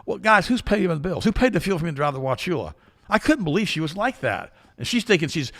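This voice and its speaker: An older man co-hosting a health talk show, telling stories in a casual, animated way and acting out the people he quotes. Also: fairly high pitch, fast talker. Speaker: co-host. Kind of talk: casual storytelling chat.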